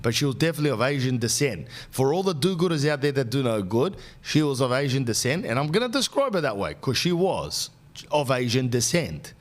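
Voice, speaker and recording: A man in his forties hosting a podcast, telling comic stories in an animated, slangy rant. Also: mid-range voice, a little fast. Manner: ranting, animated anecdotes with slang. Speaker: podcast host. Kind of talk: comic storytelling.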